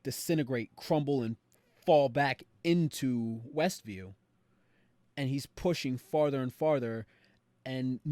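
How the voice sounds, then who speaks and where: A young man on a podcast, animatedly retelling a show with quick voiced quotes. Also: mid-range voice, a little mellow, dry recording. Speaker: podcast co-host. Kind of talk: casual recap chat.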